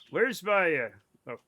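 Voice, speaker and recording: A man's voice: on the high side, very animated, drawn-out words, bright, forceful tone, a little hiss or hum. A man streaming a game live, rambling casually to his chat in a self-amused way.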